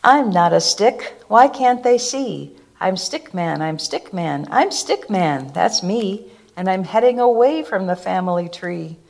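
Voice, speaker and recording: A woman voicing a plucky, homesick little stick man in a storybook, with a soft sing-song refrain. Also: medium pitch, lively intonation, a little slow, creaky. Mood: wistful refrain.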